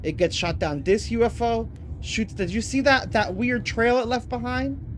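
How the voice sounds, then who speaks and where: A man hosting a compilation, giving excited casual commentary over video clips and calling the viewers "y'all". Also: extremely high pitch, moderate pace, slight background noise. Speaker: compilation host.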